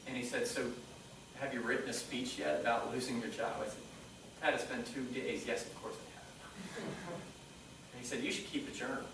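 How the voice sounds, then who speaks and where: A man giving a motivational talk on stage, telling stories and acting out conversations in a lively way. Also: mid-range voice, normal speed, long pauses, noisy background. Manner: animated storyteller quoting dialogue. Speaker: motivational speaker. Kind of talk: live presentation storytelling. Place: conference room. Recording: echoey hall mic from a distance.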